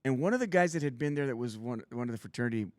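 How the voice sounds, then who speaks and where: A man, telling animated stories and acting out the people in them as a guest. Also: mid-range voice, very fast, no room sound, studio quality. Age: 50s. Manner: animated storyteller acting out voices. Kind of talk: casual storytelling.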